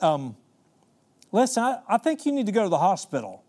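A man's voice: sits high, very animated, fairly quick, mellow, pitched above the performer's own voice. A man preaching who voices Jesus as a casual, offhand figure speaking in modern everyday words. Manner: dry, joking modern paraphrase.

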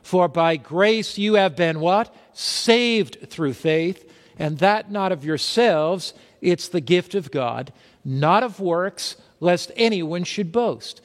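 A man's voice: high voice, animated, slow pace, long reverb tail. A man preaching a sermon, emphatic, asking his listeners questions and answering them himself. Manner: emphatic, asks the crowd questions then answers.

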